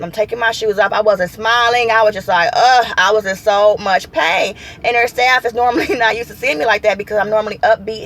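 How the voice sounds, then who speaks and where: A woman's voice: a little high, a bit bright. A woman vlogging from her parked car, chatting animatedly and acting out quotes as she tells a story. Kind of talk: casual storytelling vlog. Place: parked car in a parking lot.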